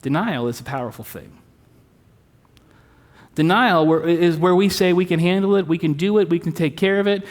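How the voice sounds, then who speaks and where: A man's voice: high voice, normal speed, pauses often. A man preaching a sermon as pastor, in a conversational way with rhetorical questions, recorded in a church sanctuary. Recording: long reverb of a sanctuary.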